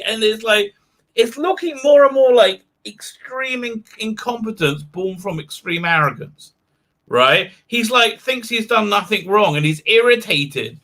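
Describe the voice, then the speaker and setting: A man's voice: high-pitched, lively intonation, a little slow, sharp tone. A man hosting a casual live stream, talking in a rambling, sardonic way with many restarts.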